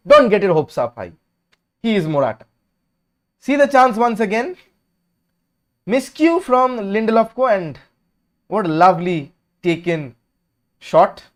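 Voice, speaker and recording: A high-pitched man talks through a football match on his live stream. His casual commentary is chatty and opinionated, jumping from lively calls of the action to quiet, drowsy asides. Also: unhurried, long pauses. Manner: chatty and opinionated, drifting between lively calls and low mumbles. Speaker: host of a live watch-along stream.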